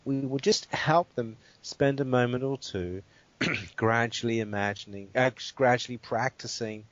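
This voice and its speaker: A man who is a guest expert, calmly walking through a guided exercise and checking in with the listener as he explains. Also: mid-range voice, no echo. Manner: measured and explanatory, checks in with "right?". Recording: dull, dry interview audio.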